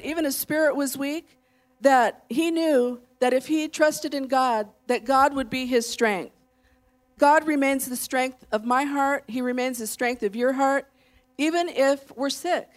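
A woman in her late fifties preaching a sermon in a conversational way, leading her congregation and telling stories with self-deprecating asides. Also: high voice. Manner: warm conversational preaching, leads the congregation in declarations. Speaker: pastor's wife preaching.

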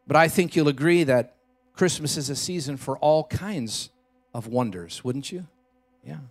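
A man preaching a Christmas Eve sermon in a church, telling a story with dramatic shifts between loud and hushed delivery. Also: on the high side, expressive, a little slow. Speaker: pastor.

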